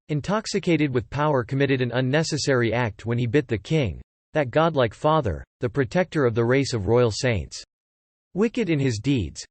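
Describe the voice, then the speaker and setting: An earnest young disciple from an ancient epic storybook, read by a man, pleading in formal archaic speech. The voice stays at a middle pitch and sounds dry and close. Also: dry recording. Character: devoted young male disciple seeking vengeance on a serpent.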